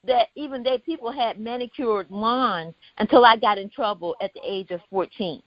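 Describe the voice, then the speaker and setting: Animated storytelling woman, high voice. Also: normal speed, no echo. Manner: storytelling, animated, quotes others in dialogue. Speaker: host. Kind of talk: casual discussion. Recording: dull lo-fi sound.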